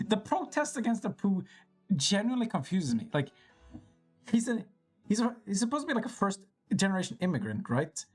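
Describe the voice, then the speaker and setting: Lively-voiced woman in blunt, teasing chat. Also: mid-range voice, fairly quick, breathy edge, soft background music. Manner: blunt, teasing, swearing freely. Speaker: livestream host. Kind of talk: casual chat.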